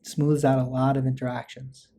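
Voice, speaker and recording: A man leads a parenting workshop in a relaxed, conversational way. His voice is warm and dark, with a flat, even delivery that rarely rises, and he slips into short example lines a parent might say. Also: mid-range voice, normal speed. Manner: conversational, acts out parent lines with small asides. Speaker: therapist teaching a parenting workshop. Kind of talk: relaxed instructional talk.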